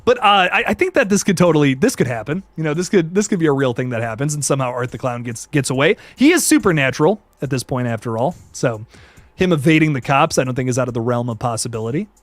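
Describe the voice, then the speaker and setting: A young man hosting a casual live stream, reading chat and reacting with excitable slang and quick restarts. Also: mid-range voice, dry recording, soft background music. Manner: excitable, laid-back slang, frequent laughs and restarts.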